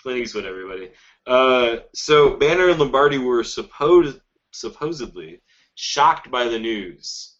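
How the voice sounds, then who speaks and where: A man's voice: mid-range voice, animated, unhurried, fairly bright tone. Man hosting a playful comedy podcast. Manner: playful, mock-announcer tone. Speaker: podcast host. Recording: dull lo-fi podcast audio.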